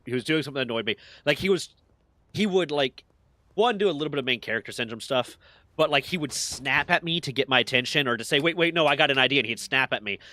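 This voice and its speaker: Brash, bright-voiced man telling stories. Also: mid-range voice, no room sound. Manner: profane, heated storytelling. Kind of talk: casual chat.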